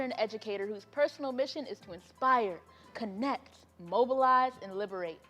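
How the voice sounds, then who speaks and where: A woman's voice: mid-range voice, long reverb tail. A woman hosting an online poetry event in a chatty, casual way, with laughing asides and fillers. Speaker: host. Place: home, on a video call.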